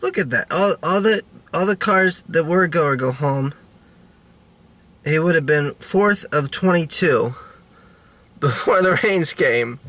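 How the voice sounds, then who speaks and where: A man vlogging in a halting, rambling way, full of restarts and fillers, with a melodramatic, self-pitying tone. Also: on the high side, animated, a bit bright. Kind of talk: rambling video diary.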